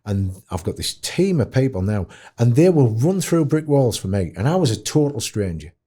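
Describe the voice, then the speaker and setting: Animated Yorkshire man with a mellow voice. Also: normal speed, slightly rough. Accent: Yorkshire English. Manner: expressive, swoops high for quoted voices, self-mocking. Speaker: podcast guest, dementia advocate. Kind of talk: animated storytelling in conversation.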